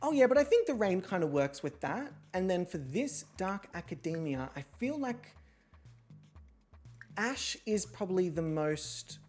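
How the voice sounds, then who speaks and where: A woman hosting a livestream, chatting casually, swearing freely and poking fun at herself, with sudden loud excited outbursts. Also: fairly low pitch, unhurried, faint music behind. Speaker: streamer hosting an online reality show.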